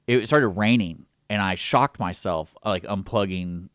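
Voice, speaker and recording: A man's voice: sits low, unhurried, clean tone, no room sound, clean studio sound. A man co-hosting a radio talk show, telling childhood stories and acting out family members' lines in a casual chat. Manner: animated storyteller who acts out family quotes. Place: radio studio.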